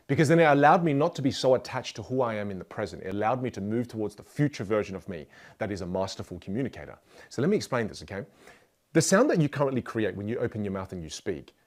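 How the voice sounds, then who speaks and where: A man's voice: mid-range voice, darkish tone. A man teaching a motivational communication lesson, speaking playfully and directly to the listener. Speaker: communication coach.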